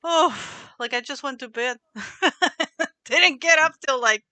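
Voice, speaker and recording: A young woman co-hosting a casual podcast, relaxed and swearing freely, often trailing off into laughs. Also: sits high, slow pace, dry recording. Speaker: podcast co-host. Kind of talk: casual chat.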